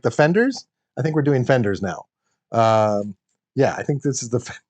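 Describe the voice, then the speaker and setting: A man hosting a casual livestream, chatting in a rambling, excitable way and laughing often while he builds a toy set. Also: high voice, highs cut off. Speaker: livestream host.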